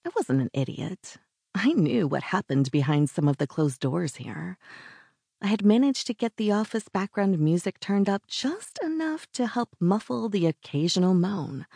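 A woman narrating a first-person romance audiobook in an intimate, breathy way that sometimes drops to a whisper. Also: medium pitch, dark tone, dry recording, studio quality.

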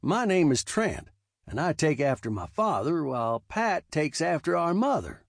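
A man voicing a calm, cocky young frontier gunman with a slow, easy drawl. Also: fairly high pitch, vocal fry, dry recording, studio quality, heavily acted. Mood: laconic.

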